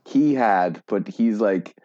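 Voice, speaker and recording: A man in his thirties chatting casually, an animated storyteller who laughs often and acts out other people's voices. His voice sits low and mellow but moves a lot. The recording is dull and lo-fi. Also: normal speed. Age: 30s. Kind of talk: casual chat. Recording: dull lo-fi sound.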